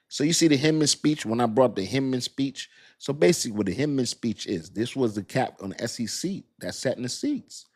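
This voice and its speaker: Dude w on a crypto stream, slangy and hyped, loud then quiet. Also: male voice, medium pitch. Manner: animated slangy street talk, swings loud and soft. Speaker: crypto livestream host. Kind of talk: casual livestream chat.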